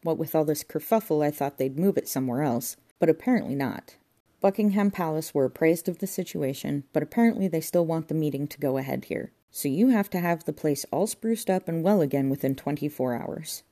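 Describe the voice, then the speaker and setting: A woman's voice: low-pitched, a little fast, mellow. A woman voicing a breezy, cheeky housekeeper who teases the people around her.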